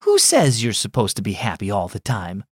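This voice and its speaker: A man voicing a kind, thoughtful aunt who speaks gently and reassuringly. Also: on the low side, huge pitch swings, normal speed, slightly rough, dry recording, clean studio sound, pitched below the performer's own voice, exaggerated voice. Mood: gentle.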